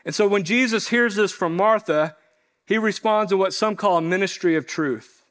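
A man preaching a sermon to his congregation, earnest and slowing to stress key lines. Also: sits high, a bit bright. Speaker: pastor.

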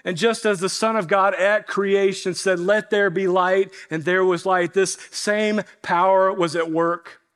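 A man preaching a sermon, telling stories earnestly and slowing down to stress key points. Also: high voice, fairly even intonation, fairly bright tone, clear, resonant tone. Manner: earnest storytelling preacher, slows for emphasis. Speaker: pastor.

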